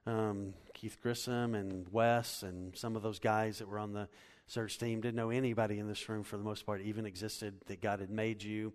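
A man's voice: lowish voice, flat delivery, normal speed, few pauses, in a large hall. A man in his forties preaching a conversational sermon as pastor, talking easily and personally. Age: 40s. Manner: conversational, laughing asides.

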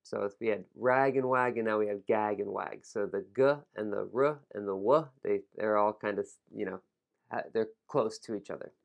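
Man teaching pronunciation with slow drills. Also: fairly low pitch, creaky. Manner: slow, deliberate modeling of words, casual asides. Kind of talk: pronunciation lesson, listen and repeat drills.

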